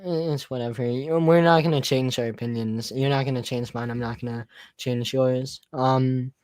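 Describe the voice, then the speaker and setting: A young man arguing as a guest in a heated debate, dismissive and taunting, with curt, flat replies. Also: mid-range voice, normal speed, smooth, dry recording.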